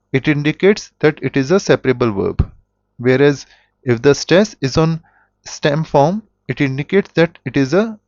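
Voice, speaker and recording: Slow-speaking man teaching. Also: fairly high pitch, darkish tone, no room sound. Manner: slow, deliberate, with self-corrections. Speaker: German teacher. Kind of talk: explanatory language lesson. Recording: dull, dry lo-fi audio.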